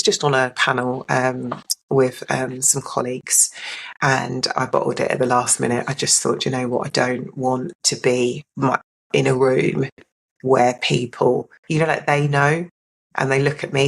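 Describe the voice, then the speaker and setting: A woman with a very deep, creaky, slightly rough voice gives a candid, reflective personal account as a podcast guest. She speaks openly and thoughtfully, shifting into a brighter voice when mimicking other people.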